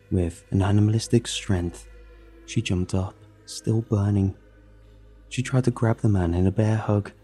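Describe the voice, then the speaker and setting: A man narrates a horror story in a measured, grim way. His voice is low and dark-toned. Faint music runs beneath his words. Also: slightly rough.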